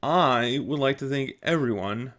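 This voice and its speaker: A man's voice: mid-range voice, unhurried, fairly bright tone. A young man venting in a casual vlog, exasperated and self-mocking, often laughing at his own frustration. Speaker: vlogger.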